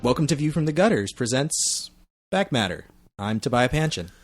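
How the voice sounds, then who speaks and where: A man hosting a casual comics podcast, teasing his co-host and pausing often with fillers. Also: medium pitch, big pitch swings, soft background music. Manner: playful, halting with many fillers. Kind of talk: casual roundtable chat.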